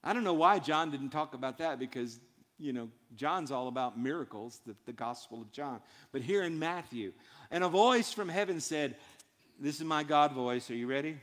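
In a church sanctuary full of long hall reverb, a male pastor delivers an emphatic sermon built around short, repeated phrases. His voice is mid-range and a bit bright, at normal speed.

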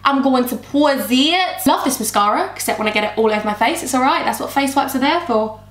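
Young woman vlogger, high and bubbly, chats to herself through a makeup tutorial in an echoey room. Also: lively intonation, fast, fairly bright tone. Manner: bubbly, rambling, talks to herself and her camera. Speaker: beauty vlogger. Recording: roomy echo.

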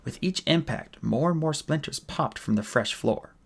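Gravelly man reading a novel aloud. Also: fairly high pitch, expressive, moderate pace. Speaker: audiobook reader.

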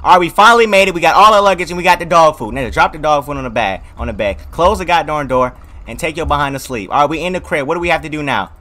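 A man giving let's play commentary on a horror game, loud and jumpy, joking through his reactions in heavy slang. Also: on the high side, lively intonation, fast talker. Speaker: gaming video creator.

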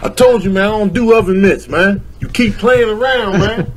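A man's voice: high voice, moderate pace, noisy background, natural voice. A man voicing an angry streetwise male cat in a comedic pet video, drawling and calling everyone "man". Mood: fed-up, threatening.

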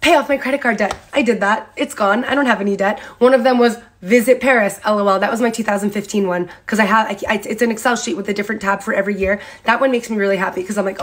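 A young woman giving a candid motivational talk, blunt and expressive, swearing freely and acting out her own self-talk. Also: medium pitch, quick pace, few pauses. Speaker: speaker in a reposted clip.

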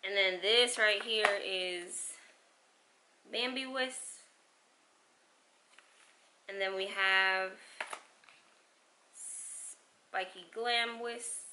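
A young woman vlogger chatting excitedly to her viewers while she unboxes packages at home. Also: mid-range voice, very slow, long pauses, slight background noise. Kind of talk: casual unboxing vlog.

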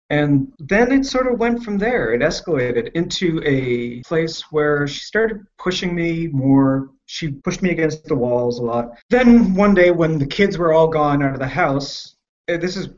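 A man telling a painful personal story frankly and candidly, swearing freely and often stopping and restarting as he talks. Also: on the high side. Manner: frank, profane, halting and emotional. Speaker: podcast guest. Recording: muffled lo-fi podcast audio.

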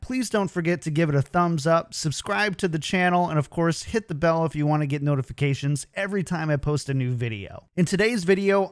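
Male tutorial host, upbeat and clear, slightly high voice, dry studio sound. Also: no room sound. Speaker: streaming tech tutorial host. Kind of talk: scripted tech tutorial.

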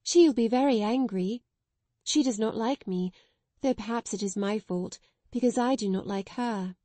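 A woman's voice: fairly high pitch, moderate pace, warm tone, dry recording, lightly acted. A woman doing Sarah, an eager young girl. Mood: earnest. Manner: eager, breathless wonder. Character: earnest, tender young girl.

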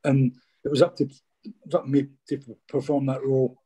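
A man's voice: medium pitch, flat delivery, fairly quick, mellow, breathy edge. A middle-aged man from Scotland, a former footballer chatting casually in an interview and peppering his stories with "mate".

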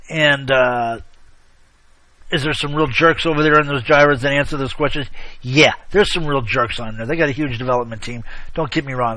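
A man hosting an online show, rambling casually with chummy shout-outs and sarcastic asides. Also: mid-range voice, dry recording. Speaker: internet show host. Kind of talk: casual chat, rambling commentary.

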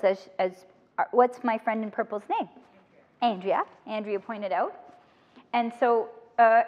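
Woman speaker, high voice, humorous and animated; long hall reverb, dull audio. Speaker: motivational speaker. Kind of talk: lively talk to student teachers.

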